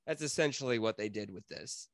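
A man's voice: lowish voice, expressive, brisk, no room sound, clean studio sound. A man co-hosting a casual podcast, tipsy and ranting with lots of swearing. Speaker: podcast co-host. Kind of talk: casual chat.

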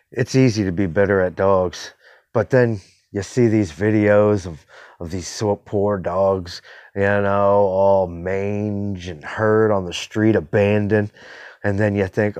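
A man's voice: on the low side, fairly even intonation, a little slow, darkish tone, no room sound. Rambling, profane man on a podcast. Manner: rambling, profane, swings from somber to exasperated. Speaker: podcast host. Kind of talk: casual solo podcast monologue. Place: home room with windows open to the street.

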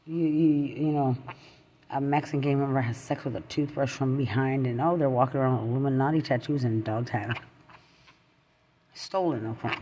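A podcaster, a man, delivering an angry personal rant, bitter and accusing, rambling with sudden swings between loud outbursts and muttering. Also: mid-range voice, slight background noise.

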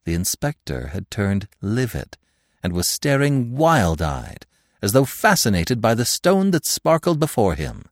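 Brief: male narrator reading classic fiction, expressive and very animated in pitch, close and dry. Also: dry recording. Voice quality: expressive, measured storytelling. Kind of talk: scripted narration of a classic tale.

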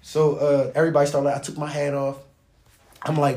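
A man in his thirties, a battle rapper, casually telling a story in slangy, animated talk and reciting his verses. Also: a little high, a little fast. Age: 30s.

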